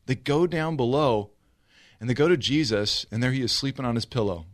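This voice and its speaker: A man preaching a sermon as a pastor. He tells the story vividly, acting out the scenes, and swings between rushed and slow delivery. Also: mid-range voice.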